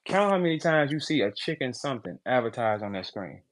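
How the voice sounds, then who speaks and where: A man ranting crudely and loudly in a casual talk, profane and joking. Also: medium pitch, sing-song, a little fast. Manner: loud, profane, jokey. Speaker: battle rapper on a live audio chat.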